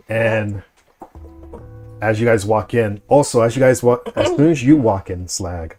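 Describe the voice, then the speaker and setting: A man narrating as game master, describing scenes with a halting, filler-heavy delivery. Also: fairly low pitch, darkish tone, faint music behind. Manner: hesitant, many fillers.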